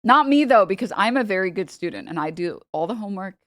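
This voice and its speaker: A young woman streamer giving casual, joking reaction commentary, chatty and quick to laugh. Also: medium pitch, lively intonation, a bit bright, no echo, clean studio sound.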